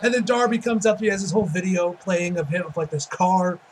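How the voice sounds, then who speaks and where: A man giving a casual, excitable spoken review, full of swearing and repeated "like" fillers. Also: high-pitched, brisk, a little hiss or hum. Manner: excitable, profane, heavy use of "like". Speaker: wrestling reviewer.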